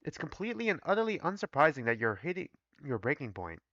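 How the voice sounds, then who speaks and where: A man's voice: fairly high pitch, very animated, quick pace, a bit bright, no echo, lo-fi sound. A man reading aloud as a bitter, cursing young staff doctor in a text chat. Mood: hostile. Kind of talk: reading a visual novel aloud.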